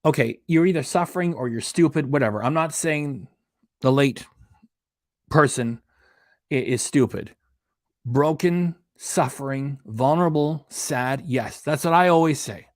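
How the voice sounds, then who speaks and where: A man's voice: medium pitch, unhurried, no echo, studio quality. A man hosting a reaction channel, ranting in an indignant, emphatic way and hammering home his points. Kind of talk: casual commentary rant.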